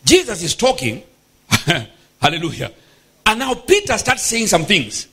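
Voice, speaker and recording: A bishop preaching a sermon, emphatic and exclamatory, punctuating points with praise shouts. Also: male voice, high voice, huge pitch swings, unhurried, slightly rough. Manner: emphatic, exclamatory, frequent hallelujahs.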